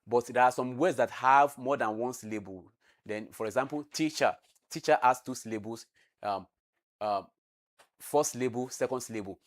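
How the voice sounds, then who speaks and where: A man's voice: mid-range voice, normal speed. Man, exam-prep teacher, explanatory, repeats key terms, lesson style.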